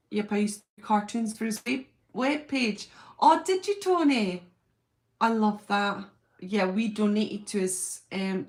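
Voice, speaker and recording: A woman with a British accent hosting a live stream from home, chatting casually and reading out viewer comments in a gushing, excitable way. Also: mid-range voice. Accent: British English.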